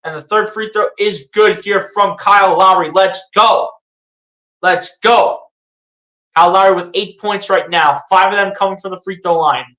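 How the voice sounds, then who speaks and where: A live fan play-by-play commentator calling a basketball game, excitable, sliding into sarcastic rants and pleading asides. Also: mid-range voice, brisk, few pauses, reverberant, rough recording.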